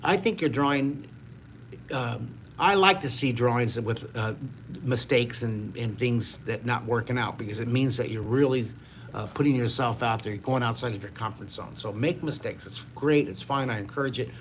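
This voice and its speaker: A man's voice: mid-range voice, moderate pace, a little hiss or hum. An older man leading a live-streamed drawing lesson, upbeat, chatty and encouraging to his viewers. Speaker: drawing teacher.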